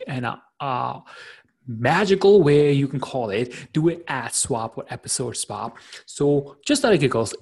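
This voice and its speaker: Male podcast host, husky and upbeat, gushes warmly in casual interview chat. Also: mid-range voice. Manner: upbeat, effusive, laughs often.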